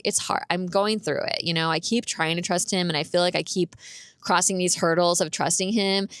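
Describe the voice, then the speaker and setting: A woman's voice: fairly low pitch, a bit bright, no echo. A woman vlogger telling a personal story in a chatty, rambling way. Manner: chatty, rambling, many "like"s, laughs while telling. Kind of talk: casual storytelling vlog.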